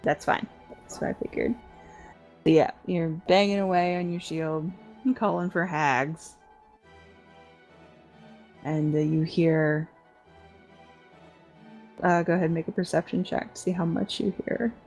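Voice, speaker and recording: Low, gravelly woman running a game. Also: steady tone, measured pace, pauses often, darkish tone, faint music behind. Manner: laid-back, lots of filler and laughter. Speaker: dungeon master. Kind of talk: narrating a tabletop game.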